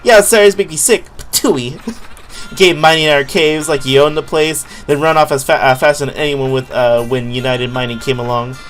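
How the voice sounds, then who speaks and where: A man's voice: fairly high pitch, steady tone, normal speed, faint music behind, close to an everyday voice. A man doing a sneering thug. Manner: sneering, loud and taunting. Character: scornful male intel-dealing thug.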